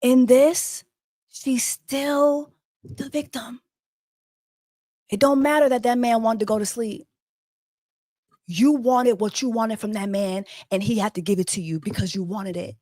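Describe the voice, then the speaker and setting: A woman's voice: mid-range voice, moderate pace, dark tone, no echo, clean studio sound. A woman hosting a casual commentary video, emphatic and profane, repeating her points. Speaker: host.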